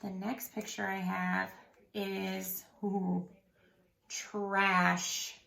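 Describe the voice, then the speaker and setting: A woman's voice: mid-range voice, steady tone, creaky, echoey room. A woman teaching a phonics lesson to young children, patiently stretching out each word. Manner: slow, patient, drawn-out sounding of words.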